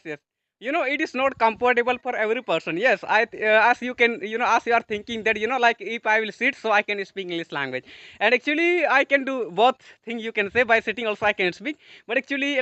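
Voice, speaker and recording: Male YouTube host, higher voice, rapid and chatty, dry dull recording. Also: sharp tone, dry recording. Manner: rapid, filler-heavy non-native English. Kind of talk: casual conversation.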